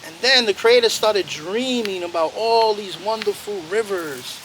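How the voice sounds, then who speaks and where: A man telling a traditional animal story to a group outdoors, animated and playful. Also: high voice, unhurried. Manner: animated, playful, chatting with listeners. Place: outdoors by a road. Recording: loud outdoor traffic noise. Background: traffic noise.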